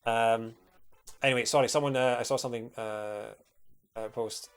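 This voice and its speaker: A man's voice: mid-range voice, fairly even intonation, normal speed, clean tone. A young man with a Scottish accent, chatting casually and rambling with plenty of fillers while he streams a game. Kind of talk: casual livestream chat while playing.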